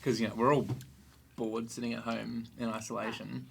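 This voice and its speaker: A man's voice: medium pitch, level tone, normal speed, vocal fry, a little hiss or hum. A young man hosting a casual podcast chat as a youth group leader, chatty and easygoing, joking and laughing often.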